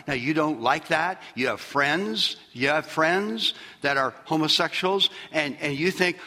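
A man preaching a sermon as pastor, swinging from shouted peaks down to low, quiet asides. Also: unhurried, few pauses, big-room sound. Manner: preaching with loud shouted peaks and sudden drops.

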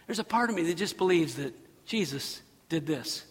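A man preaching a sermon, telling the story with animated energy, acting out characters and sometimes shouting. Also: on the high side, normal speed. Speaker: pastor. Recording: long reverb of a large hall.

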